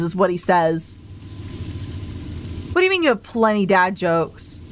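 A woman's voice: lowish voice, very animated, unhurried, slight background noise. A woman streamer chatting casually during a live game, theatrical and prone to exaggerated outbursts and groans.

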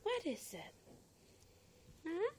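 An older grandmother speaking in sing-song baby talk, her voice high and swooping wildly from note to note. She drawls each word out very slowly, coaxing with endless little questions. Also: huge pitch swings, darkish tone, slight background noise. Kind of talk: home video baby talk.

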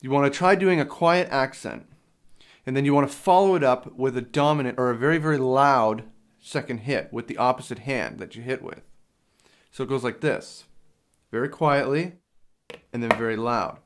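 In a drum studio, a young man with a medium-pitched voice teaches a drum lesson at a moderate pace, plainly explaining each step with some fillers along the way. It was recorded on a handheld field recorder.

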